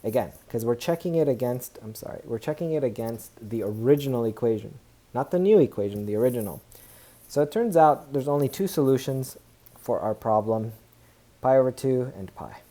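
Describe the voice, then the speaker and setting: This man's medium-pitched, warm voice moves a bit quickly with lively intonation. He's walking through a math lesson on a tablet screen recording, talking casually, catching his own slips, and letting out upbeat cheers when he gets it right.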